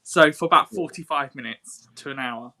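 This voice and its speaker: A man, co-hosting a casual podcast over a video call and telling a story in a lively, swearing way. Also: a little high, normal speed. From England. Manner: animated, swearing, lively quoted dialogue. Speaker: co-host.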